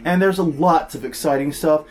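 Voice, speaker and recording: A man's voice: a little high, moderate pace. A man co-hosting a podcast, joking and self-deprecating as he reads event listings in casual chat. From New Orleans. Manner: jokey, self-deprecating, animated. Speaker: podcast co-host.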